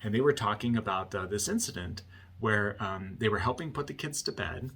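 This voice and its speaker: Low, gravelly male counselor with a bright, slightly husky tone who keeps checking in with the listener. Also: expressive, fairly quick. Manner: conversational, often asks "right?". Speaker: marriage counselor. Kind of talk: explaining with a client story.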